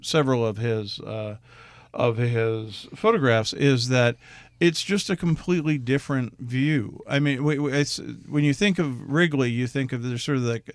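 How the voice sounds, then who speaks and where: A man's voice: mid-range voice, normal speed, clean tone, no room sound. A male radio host with a mid-range voice, chatting with guests in a studio. He talks with open enthusiasm, in a loose, conversational way. The sound is dry and close. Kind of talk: radio interview.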